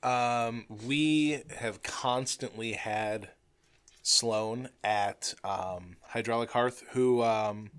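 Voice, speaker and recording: A man chatting on a beer podcast, telling an unhurried story with plenty of fillers. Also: medium pitch, fairly bright tone, smooth. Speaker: podcast co-host, father. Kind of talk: casual chat over beers.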